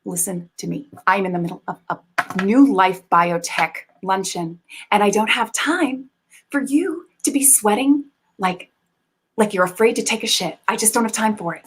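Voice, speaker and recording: A woman's voice: mid-range voice, moderate pace, a bit bright, slight background noise, close to an everyday voice, low-quality recording. A woman playing a pompous biotech boss. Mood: haughty. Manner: pompous, condescending, corporate jargon. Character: bossy female biotech executive, pompous and dismissive. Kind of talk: improvised comedy scene.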